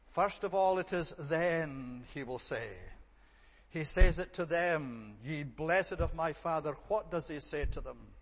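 A man with a fairly high voice preaches a sermon in earnest, emphatic tones, stacking repeated phrases to drive his points home. His voice rings out with a long reverb from the hall around him.

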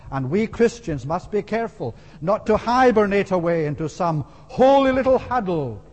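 A man delivers an earnest, rhetorical sermon, pressing hard on key phrases before easing off. His voice sits a little high for a man. The sound carries a long reverb, as in a church hall. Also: sing-song, moderate pace, darkish tone. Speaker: preacher.

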